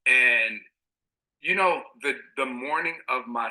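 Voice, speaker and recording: A fitness trainer and host chats openly in a lively, animated way and now and then turns emotional. His voice is very bright and forceful. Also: mid-range voice, takes it slowly, rough recording. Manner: candid and animated, sometimes emotional. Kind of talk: casual podcast chat.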